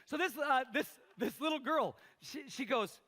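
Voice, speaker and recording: A man's voice: extremely high pitch, normal speed. A man in his fifties preaching a sermon as pastor, telling stories and acting out the voices of the people in them. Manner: animated storytelling, acts out quoted voices. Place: large church hall. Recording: live church hall with long reverb.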